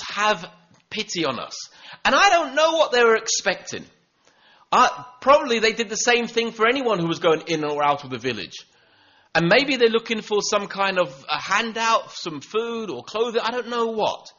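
A man's voice: high-pitched, pushed and bright. A man giving a sermon as pastor, earnest, often repeating words as he restarts a phrase. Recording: dull lo-fi recording.

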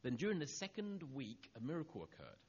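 A middle-aged man preaching a sermon, telling a personal story and acting out the dialogue, going soft and low on the tender lines. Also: huge pitch swings, fairly quick, husky, dull audio.

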